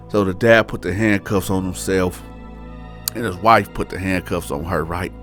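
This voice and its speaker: A man's voice: sits low, steady tone, moderate pace, fairly bright tone, soft background music. A man casually telling a true-crime story in colloquial slang, often checking in with "right?".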